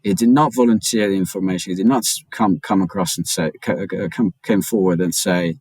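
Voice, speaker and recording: A man being interviewed about his reporting, who tells the story quickly, with many restarts and stammers. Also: low voice, darkish tone, dry recording, rough recording. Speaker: guest author and journalist. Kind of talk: casual interview chat.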